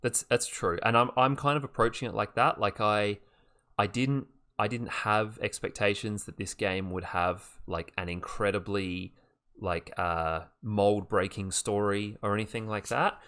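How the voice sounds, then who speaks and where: Lower-voiced man, games podcast co-host, teasing and hedging. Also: steady tone, a little slow, a bit bright, smooth. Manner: teasing, hedging with likes and you-knows. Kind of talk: casual chat about games.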